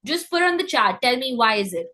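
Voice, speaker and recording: A woman giving a live online French class, breaking words down and repeating them slowly, often checking in with "okay?". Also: fairly high pitch, big pitch swings, sharp tone, low-quality recording. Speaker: French teacher.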